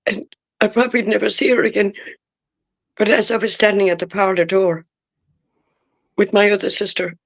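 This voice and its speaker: Low-voiced older Irish woman, halting. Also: level tone. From Ireland. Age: 60s. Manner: halting, with broken-off restarts. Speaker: interviewee. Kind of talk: emotional personal testimony.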